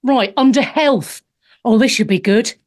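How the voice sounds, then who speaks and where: A woman's voice: fairly high pitch, a little slow, a little mellow. A woman in her fifties, a stand-up comedian hosting a show, sarcastically reading out and mocking news headlines, swearing freely. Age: 50s. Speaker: host.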